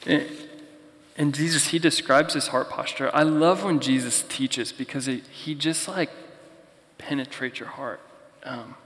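Young preacher in an echoing hall. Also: male voice, mid-range voice, unhurried, fairly bright tone. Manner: conversational, storytelling. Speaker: pastor. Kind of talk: sermon. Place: church.

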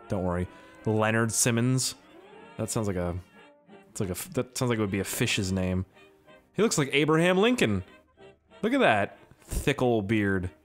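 A young man giving casual, profane gameplay commentary, jokey and quick to get excited. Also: mid-range voice. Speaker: gaming YouTuber.

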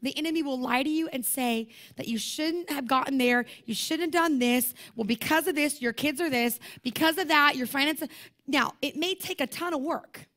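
High-voiced woman preaching animatedly. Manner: animated, emphatic preaching with self-deprecating humor. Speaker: conference speaker. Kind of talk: sermon.

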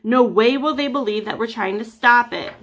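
A woman voicing a plucky young boy penguin spy in a storybook read-aloud, urgent and excited. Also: on the high side, moderate pace.

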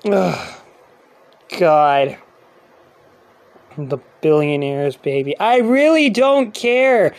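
A woman doing let's-play commentary, exasperated and swearing under her breath, swinging between shrill frustrated yells and low muttering. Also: lively intonation, extremely slow, pauses often. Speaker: gaming channel host. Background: faint game music.

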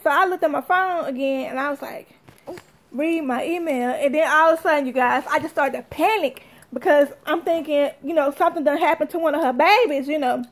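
High-voiced chatty woman vlogger. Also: a little fast. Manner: animated, chatty, addresses viewers as y'all. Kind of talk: casual storytelling to viewers.

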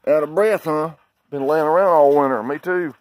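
A man's voice: on the high side, normal speed, no room sound. A man with a Southern US accent, chatting casually and coaxing his dog during a game of fetch outdoors. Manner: drawling, talks to his dog in short coaxing calls. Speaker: dog owner vlogger. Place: outdoors on a sunny day.

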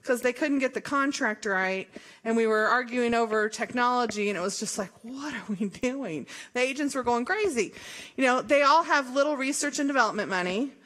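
A woman's voice: fairly high pitch, brisk. A middle-aged woman from Missouri, an association leader giving an emphatic, jokey, conversational speech at a forum. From Columbia, Missouri. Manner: lively, emphatic, jokey, with laughs and rhetorical questions.

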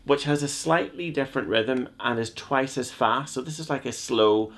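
Gravelly-voiced man teaching cello. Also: medium pitch, moderate pace. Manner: chatty, jokey step-by-step explaining. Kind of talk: video music lesson.

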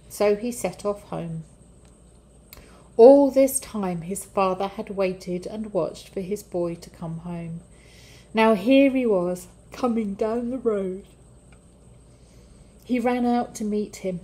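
A woman reading a children's Bible storybook aloud for a church, gentle and measured. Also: mid-range voice, rough recording.

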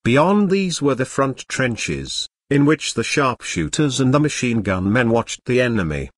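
Synthetic male audiobook narrator; husky, dry, even reading. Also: medium pitch, dry recording. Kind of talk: text-to-speech book narration.

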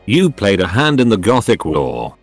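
A man's voice: fairly low pitch, wildly swooping pitch, moderate pace, full character voice. A synthetic male voice voicing a scheming ancient robot sorcerer who speaks formally and with menace, over faint music. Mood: cold. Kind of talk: synthetic storybook narration.

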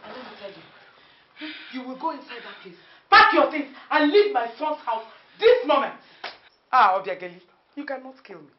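An actress with a Nigerian accent playing an older Igbo mother-in-law, emotional, swinging from hushed to shouting, recorded from a distance in an echoey space. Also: mid-range voice, lively intonation, brisk, long pauses, lo-fi sound, close to an everyday voice. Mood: furious. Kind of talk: film acting.

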